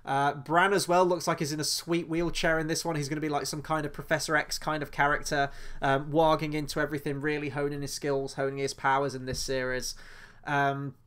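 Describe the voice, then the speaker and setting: A man's voice: on the high side, flat delivery, fairly quick, a bit bright, clear, resonant tone. A young man giving a chatty, opinionated review of a trailer, full of rambling asides. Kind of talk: casual review commentary.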